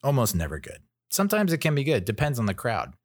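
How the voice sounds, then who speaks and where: A man's voice: mid-range voice, huge pitch swings, quick pace, no echo. A man in his thirties telling a casual story as a podcast host, rambling and self-interrupting with wry, jokey asides.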